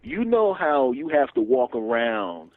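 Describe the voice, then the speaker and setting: A man, a comedian telling stories in an animated, profane way as a guest. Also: mid-range voice, a little slow, no room sound. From Philadelphia area, USA. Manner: animated, swearing, laughs often, acts out dialogue. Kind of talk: casual storytelling interview. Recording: dull lo-fi radio recording.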